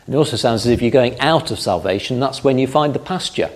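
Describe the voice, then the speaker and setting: A man preaching a Bible-teaching sermon in a calm, explanatory way, stressing key phrases. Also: mid-range voice, fast talker.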